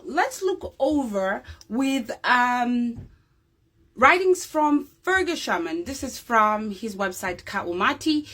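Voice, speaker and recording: A woman's voice: sits high, fairly bright tone. A woman giving a casual, unscripted demonstration to her viewers, often stopping to check in with them. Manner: chatty and unscripted, with fillers. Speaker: presenter demonstrating a craft.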